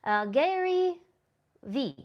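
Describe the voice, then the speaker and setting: A woman's voice: high voice, animated, drawn-out words, dull audio. A woman tantra coach hosting a livestream Q&A, reading chat comments aloud in a thoughtful, self-correcting way with small laughs.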